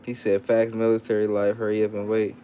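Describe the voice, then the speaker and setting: A low-leaning, monotone, mellow voice moves fairly quickly as a man hosts a casual stream, with slight background noise. He reads viewer comments out loud, repeats himself in slangy talk, and plays with and coaxes his child.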